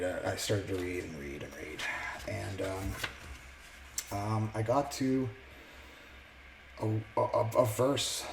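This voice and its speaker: Vlogger, male, lower register; earnest, reflective testimony, stop-start phrasing; faint background hiss. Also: a little mellow, poor audio. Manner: halting, with many restarts and fillers. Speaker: vlogger sharing his testimony. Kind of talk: casual personal testimony.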